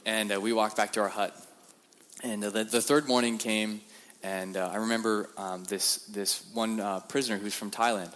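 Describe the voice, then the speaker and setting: Low-voiced man giving a church testimony. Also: moderate pace. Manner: animated storyteller, repeats words, acts out quotes. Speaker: guest speaker. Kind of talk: sermon-style testimony. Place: church sanctuary. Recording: reverberant church hall.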